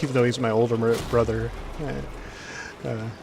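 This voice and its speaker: A man's voice: medium pitch, flat delivery, normal speed, gravelly, a little mellow, a little hiss or hum. A man hosting a casual gameplay commentary, rambling with lots of fillers. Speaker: gaming video host.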